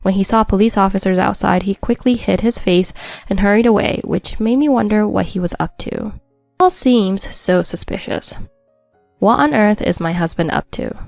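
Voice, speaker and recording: A woman's voice: mid-range voice, moderate pace, gravelly, darkish tone, no room sound. Brief: woman narrator, scripted first-person story, wry and matter-of-fact, faint music underneath.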